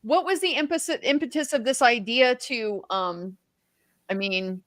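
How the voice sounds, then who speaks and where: A woman hosting an interview, asking questions in a halting way with frequent restarts. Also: on the high side, fairly bright tone, no room sound, clean studio sound. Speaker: host, interviewer. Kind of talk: conversational interview.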